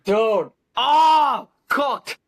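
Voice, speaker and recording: A young man co-hosting a casual podcast, excitable and swearing freely as he reviews matches. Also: very high-pitched, extremely slow, no room sound. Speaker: podcast co-host. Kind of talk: casual chat.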